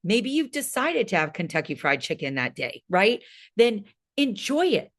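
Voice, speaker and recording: A woman in her late fifties speaks as a fitness coach in a motivational talk to her group. Her delivery is emphatic and energetic, and she keeps checking in with a quick "right?" at the end of her points. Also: medium pitch. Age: 50s.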